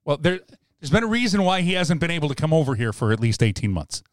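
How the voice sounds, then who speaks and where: A man's voice: on the high side, big pitch swings, quick pace, dry recording, clean studio sound. A man co-hosting a casual hockey podcast, joking and laughing often. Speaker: podcast co-host.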